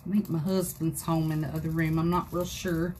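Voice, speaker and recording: A woman's voice: low voice, flat delivery, brisk, mellow, a little hiss or hum. A woman hosting a live craft tutorial from her home craft room, chatting folksily with viewers as she works. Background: dogs scratching in another room.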